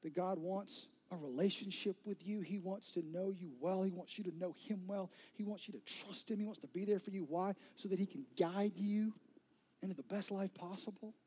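A man preaching a sermon, telling the story dramatically, sometimes dropping to a soft whisper and sometimes rising to an emphatic peak. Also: high voice, fairly even intonation, normal speed, husky. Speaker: pastor.

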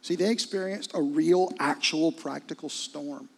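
Husky-voiced man preaching a sermon. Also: fairly high pitch, unhurried. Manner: conversational, intimate preaching with frequent hushed asides. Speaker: pastor.

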